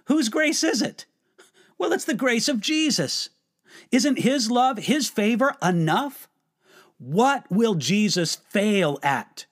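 Expressive, slow-paced man teaching. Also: high voice. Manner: earnest, emphatic with rhetorical questions. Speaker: pastor. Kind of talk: devotional teaching.

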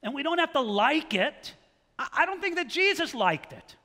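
A male pastor preaching a sermon in an animated style, firing rhetorical questions and challenges at his listeners. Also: very high-pitched, normal speed. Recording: long hall reverb.

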